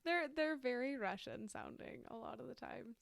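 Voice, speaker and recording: A woman's voice: fairly high pitch, moderate pace, vocal fry, dry recording. A young woman co-hosting a podcast, chatting casually and reacting with easy humor. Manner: chatty, reactive, laughs along. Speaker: podcast co-host. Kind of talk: casual chat.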